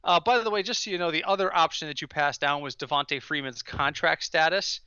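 A podcast co-host with a high, bright voice tells animated stories on a casual sports podcast, building his rants toward comic punchlines. He speaks fairly quickly, and the sound is clean, dry, slightly dull, and close to the mic.

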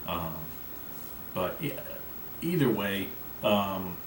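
A man with a fairly low voice rambles through a casual solo podcast, brash and full of swearing. He sits some way back from the microphone in a roomy, echoing space with a faint hiss underneath. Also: sing-song, drawn-out words. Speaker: podcast host. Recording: echoey room, mic at a distance, faint background noise.

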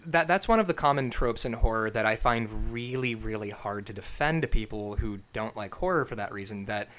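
A man's voice: lowish voice, lively intonation, fairly quick, fairly bright tone. A man co-hosting a podcast, talking earnestly and casually, with some swearing. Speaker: podcast co-host. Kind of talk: casual chat.

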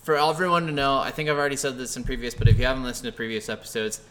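A man's voice: medium pitch, fairly even intonation, racing, background noise. A man co-hosting a casual gaming podcast, laid-back and casually swearing. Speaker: podcast co-host. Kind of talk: casual chat.

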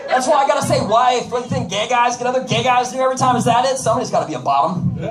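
A man's voice: very high voice, racing, reverberant, recorded from a distance, music in the background, crowd noise, rough recording. A man doing a stand-up comedy set, with brash joking asides to the audience. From United States. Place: comedy club stage.

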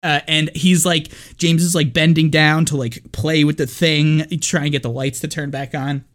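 A man's voice: fairly high pitch, level tone, moderate pace. A man co-hosting a podcast, recapping a film in a rambling, casual way, full of likes and uhs. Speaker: podcast co-host.

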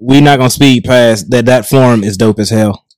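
A man's voice: mid-range voice, darkish tone, no echo, studio quality. A man co-hosting a podcast, joking and trading comebacks in casual chat. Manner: joking banter with quick comebacks. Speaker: podcast co-host.

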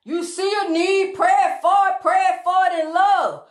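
A woman's voice: extremely high pitch, steady tone, measured pace, echoey room. A woman giving a preachy, sing-song motivational monologue, calling the listener honey and repeating rhyming phrases.

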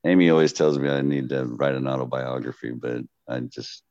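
A man with a Texan accent, a comedian guest telling stories at a slow, steady, laid-back pace. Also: no room sound, dull audio. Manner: slow-paced, deep, laid-back drawl.

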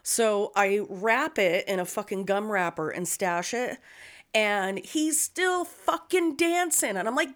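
A woman telling a wild story in casual conversation, voice sitting in a middle register. She swears constantly and slips into the voices of the people she quotes. The delivery is loose and lively. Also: mid-range voice, slow pace. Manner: profane, animated storytelling. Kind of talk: casual chat.

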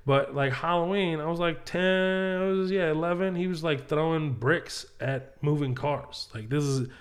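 A man's voice: on the high side, moderate pace, smooth. A man, a comedian guest, telling a story in casual chat and acting out the voices in it. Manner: animated storyteller, acts out voices, laughs often.

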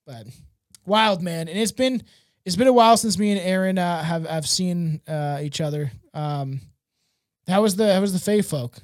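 A man's voice: high voice, normal speed, no echo, studio quality. A man hosting a podcast, rambling casually with frequent laughs and swearing. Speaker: podcast host.

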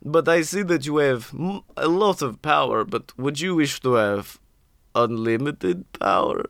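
A sly, grinning goblin-like tempter, put on by a man in a put-on Eastern European accent. The delivery is theatrical and lowered, with a bright, clean tone on a dry, close recording. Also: a little slow, creaky, no echo. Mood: sly, tempting.

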